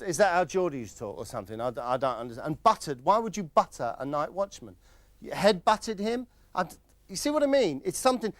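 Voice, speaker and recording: A man's voice: a little high, no room sound. A man narrating a comic documentary in a wry, sarcastic way, breaking in on interviewees.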